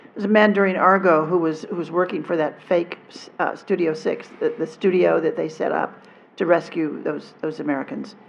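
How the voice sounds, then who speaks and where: A woman speaking as a panelist on deception, halting and restarting her phrases and trailing off softly. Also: low voice, steady tone, gravelly, slight background noise. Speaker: panelist, former intelligence officer. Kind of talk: panel discussion answer. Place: convention panel room. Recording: dull convention panel audio.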